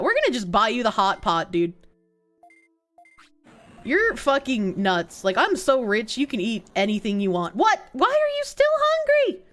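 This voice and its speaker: Lively, profane young woman streamer. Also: high voice. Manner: casual, profane, joking with chat. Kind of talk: live game stream chat.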